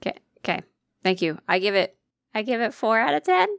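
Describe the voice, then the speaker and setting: A woman's voice: on the high side, sing-song, a little fast, creaky, no room sound. A woman co-hosting a casual podcast, talking bluntly and swearing offhandedly. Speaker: podcast co-host. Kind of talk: casual chat.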